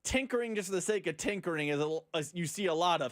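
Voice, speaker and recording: A man co-hosts sports talk radio, working through his points out loud in a conversational way. His voice is pitched high for a man. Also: expressive, quick pace, hardly any pauses.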